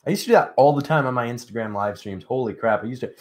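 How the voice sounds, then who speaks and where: A man's voice: mid-range voice, fast talker. A sleepy young man hosting a casual live stream, rambling with lots of fillers and answering chat. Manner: rambling, filler-heavy, reads chat aloud. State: sleepy, yawning. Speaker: livestream host.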